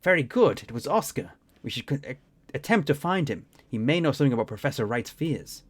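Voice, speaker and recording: A learned gentleman in a video game, worn down and recovering, who speaks in measured, formal sentences, as a man reads him out. The pitch is ordinary and middling. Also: expressive, slightly rough. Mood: grave.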